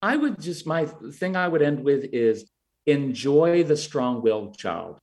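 Very animated yet a little slow, a middle-aged man with a high-ish, slightly mellow voice answers questions about parenting as a guest expert. He explains earnestly and occasionally acts out the lines he'd use with children and parents.

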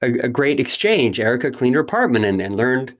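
A man hosting an interview podcast, chatting casually with quick self-deprecating asides. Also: medium pitch, big pitch swings. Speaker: podcast host.

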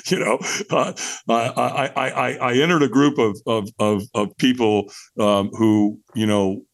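Frank, animated middle-aged man. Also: a little slow, no echo. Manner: animated, jumps into high voices when quoting people; candid and frank, swears freely. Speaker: podcast guest. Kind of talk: storytelling in casual conversation.

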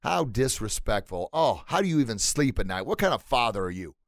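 A man voicing an indignant townsperson who yells insults in a raised, high voice. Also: big pitch swings, fairly quick, no room sound. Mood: scolding. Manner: indignant, high-pitched, shouting. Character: shrill, scolding townsperson yelling insults.

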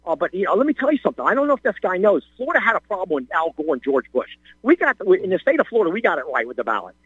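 An older male caller rants in quick bursts, his high voice swinging widely up and down. He stumbles and restarts as he talks. The slightly husky sound comes over a muffled, dry phone line. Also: very animated, fairly bright tone, no echo. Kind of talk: ranting call-in talk.

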